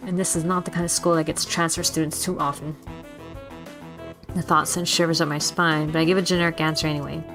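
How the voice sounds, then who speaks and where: A woman reading a visual novel aloud, voicing a reluctant young male student who talks in a hesitant, stammering way, with soft music behind. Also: sits low, level tone, brisk.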